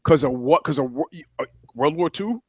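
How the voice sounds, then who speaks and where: A man's voice: fairly high pitch, animated, moderate pace, darkish tone, no room sound, highs cut off. A man talking as a podcast guest, telling loose, profane anecdotes in casual chat. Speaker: guest, touring musician.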